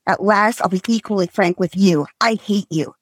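A woman's voice: mid-range voice, moderate pace, breathy edge, dry recording, studio quality, natural voice. A woman reading aloud as a teenage girl, wounded and defiant, pleading and then lashing out. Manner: pleading, rising to outrage.

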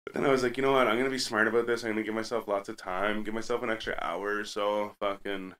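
Fast-talking podcast guy, rambling. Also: on the low side, level tone, a bit bright. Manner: rambling, profane, goes off on tangents. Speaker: podcast co-host. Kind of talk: casual storytelling.

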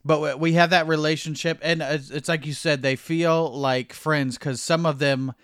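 Bright-voiced rambling american guy. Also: a little high, steady tone, normal speed, clear, resonant tone, dry recording, studio quality. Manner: rambling, hesitant restarts, laughs easily. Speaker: podcast co-host. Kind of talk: casual chat.

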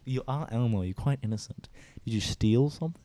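A woman's voice: a bass voice, a little fast, dark tone. A woman playing an improv party game, questioning playfully and bossily and laughing often. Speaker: player.

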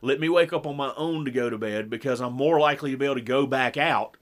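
A middle-aged man co-hosting a podcast tells home stories in a casual chat, animatedly acting out the quoted dialogue. His voice is mid-range, and he talks quickly.

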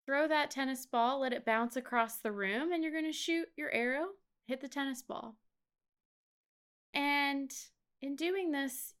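A woman host leading a guided mindfulness meditation in a soft, slow voice. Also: fairly high pitch, clean tone. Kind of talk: casual chat then guided meditation.

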